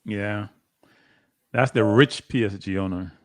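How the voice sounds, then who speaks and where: A man's voice: on the low side, measured pace. A man co-hosting a live football watchalong, casually chatting in blunt, short, dry remarks. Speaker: watchalong co-host.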